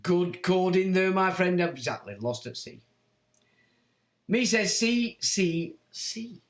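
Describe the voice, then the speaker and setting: A man's voice: sits high, animated, slow, echoey room. A man hosting a livestream, reading chat comments and ranting in a blunt, sweary, sardonic way. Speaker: livestream host.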